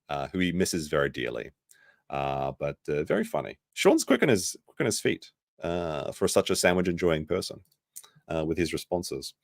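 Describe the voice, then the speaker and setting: Rambling low-voiced male streamer. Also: no room sound, clean studio sound. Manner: rambling, self-correcting, mimics people he quotes. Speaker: commentary streamer. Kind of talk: casual live commentary.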